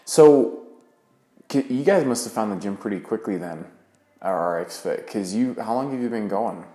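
A man's voice: on the low side, animated, moderate pace, dark tone. A man hosting a podcast interview in a casual, easygoing way with frequent fillers. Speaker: podcast host. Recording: roomy echo.

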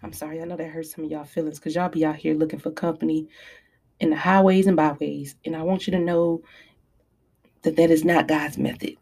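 A woman's voice: low-pitched, a little fast, slightly rough. Preachy woman podcaster, casual speech. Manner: animated, preachy, apologizing in mock fashion. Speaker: podcast host. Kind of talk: casual advice talk.

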